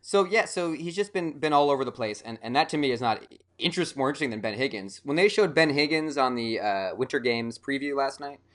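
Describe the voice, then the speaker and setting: A man's voice: mid-range voice, animated, fairly quick, fairly bright tone. A man co-hosting a casual podcast chat, rambling and joking with many fillers. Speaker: podcast co-host.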